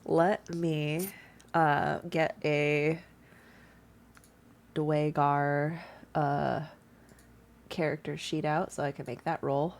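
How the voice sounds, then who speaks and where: A woman's voice: low voice, fairly even intonation, slow, vocal fry, slight background noise. A woman narrating a tabletop game as game master, casual and swearing freely.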